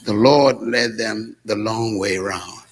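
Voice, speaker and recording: Speaking slowly in a husky voice, a pastor preaches a dramatic sermon, lurching between shouts and hushed asides. He tells stories with quoted dialogue while his church congregation calls back responses.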